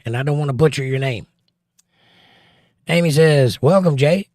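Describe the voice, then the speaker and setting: A middle-aged man hosting a live stream reads viewer comments aloud, trading wry, teasing banter in a casual chat. His fairly high voice has a darkish tone and normal speed, recorded at studio quality with no room sound.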